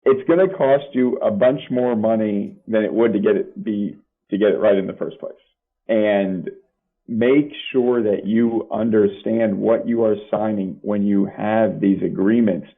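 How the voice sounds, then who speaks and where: Lawyer on a tinny line. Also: male voice, lowish voice, fairly even intonation, a little slow. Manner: plain-spoken, practical, explains with examples. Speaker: family law attorney guest. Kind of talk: podcast interview, explaining law.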